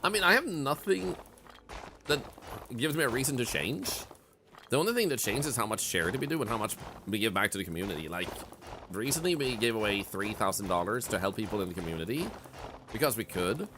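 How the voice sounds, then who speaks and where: Over noisy game music, a man with a fairly low voice talks animatedly and a little fast while streaming. He chats with viewers in a casual, reflective manner, sprinkling in plenty of "like."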